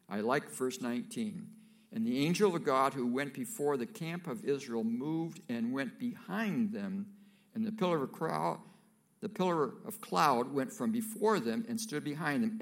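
A man preaching from the pulpit, his voice carrying a gravelly, slightly fried texture. He reads the scripture aloud, then drops into plain, friendly asides to the congregation before picking the text up again. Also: medium pitch, animated, normal speed. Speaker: pastor. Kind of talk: sermon.

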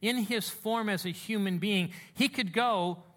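Pastor, male, high bright voice, dramatic storyteller who drops to a hush and builds up loud. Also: a little slow. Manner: animated storytelling, swinging from hushed to loud. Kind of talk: sermon.

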